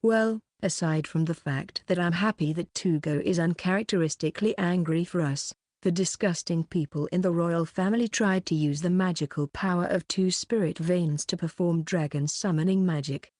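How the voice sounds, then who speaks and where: A woman narrating a fantasy light novel audiobook, reading the dialogue in an even, unhurried way without distinct voices. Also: on the low side, dry recording, clean studio sound.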